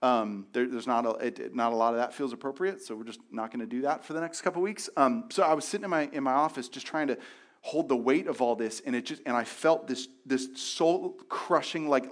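Man preaching in a halting, candid way. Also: medium pitch. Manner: candid and halting, with frequent restarts and repeated words. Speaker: pastor. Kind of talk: sermon.

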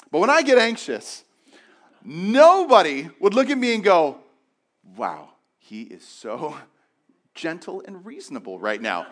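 A middle-aged pastor preaching a sermon, moving from loud, quick bursts to soft, slow pleading, with conversational restarts and self-deprecating asides. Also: male voice, mid-range voice.

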